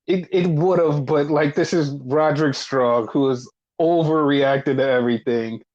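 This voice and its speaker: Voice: mid-range voice, moderate pace, dull audio. A podcast host recapping wrestling in casual chat, swearing freely and acting out what others said. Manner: animated, swears often, acts out quotes.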